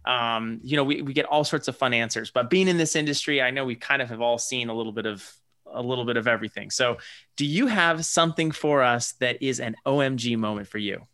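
A man hosting an interview, chatty and filler-heavy, slowing down for emphasis. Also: medium pitch, pushed and bright. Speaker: host.

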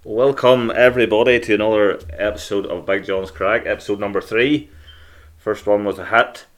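A man's voice: on the low side, fairly even intonation, normal speed. A man with a Northern Irish accent hosting a podcast in casual, cheeky, jokey banter with crude humour. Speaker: podcast host.

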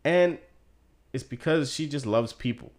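A man's voice: medium pitch, a little slow. A man co-hosting a podcast, chatting casually and jokingly about a movie, swearing freely. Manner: profane, joking, animated storyteller. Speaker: podcast co-host. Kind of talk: casual movie-discussion chat.

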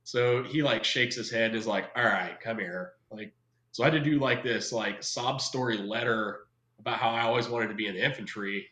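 A man's voice: medium pitch, normal speed, bright, forceful tone. A man from California telling stories in a casual, slangy way, acting out the people he quotes. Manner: laid-back, slangy, acts out quoted voices. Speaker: guest. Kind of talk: casual storytelling. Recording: roomy echo.

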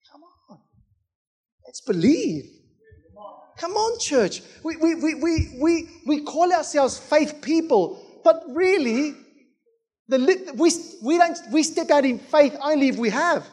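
Fervent high-voiced man preaching. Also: sing-song, takes it slowly, darkish tone. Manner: fervent, rhythmic preaching with repeated calls to the church. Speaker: pastor. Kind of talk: sermon.

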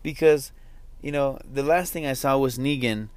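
A man's voice: medium pitch, moderate pace, a little mellow, dry recording. A young adult man hosting a podcast, rambling in a casual, slangy and self-mocking way. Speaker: podcast host.

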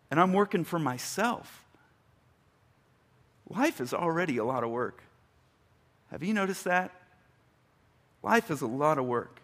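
A man preaching a sermon, emphatic, rising to loud bursts and reading scripture slowly and deliberately. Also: a little high. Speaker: pastor.

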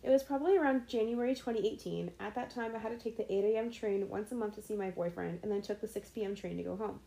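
A woman's voice: medium pitch, quick pace, gravelly, dark tone, reverberant, rough recording. A young woman co-hosting a casual podcast, reading stories aloud, giggly and full of "like"s. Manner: giggly, talks with many "like"s. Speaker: podcast co-host.

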